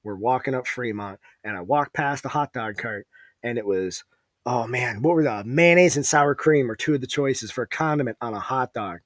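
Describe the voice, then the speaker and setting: A man's voice: medium pitch, normal speed, dry recording, clean studio sound. A man hosting a podcast, telling a rambling, profane story in casual chat. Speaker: podcast host.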